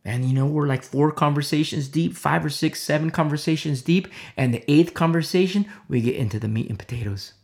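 A preacher telling stories in an impassioned sermon, swinging between loud outbursts and hushed near-whispers and repeating phrases for emphasis. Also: mid-range voice, brisk, few pauses.

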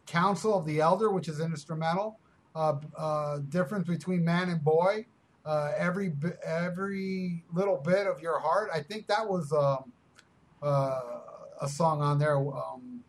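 A man hosting a podcast, teasing his co-host crudely and rambling with lots of fillers. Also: a little high. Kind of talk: casual podcast banter.

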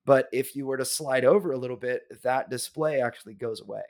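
A man's voice: medium pitch, a little fast, a little mellow. Brief: man, podcast co-host, easygoing rambling chat, fillers and restarts. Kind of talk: casual chat.

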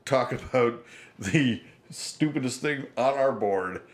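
A man's voice: medium pitch, expressive, slow. A man co-hosting a podcast in casual, profane chat, laughing often. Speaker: podcast co-host.

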